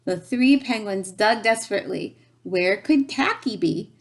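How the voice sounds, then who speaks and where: Lady reading a kids book out loud, nice and slow, gentle. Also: medium pitch, animated. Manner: gentle, slow storytelling to children. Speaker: children's book reader. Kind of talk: reading a picture book aloud.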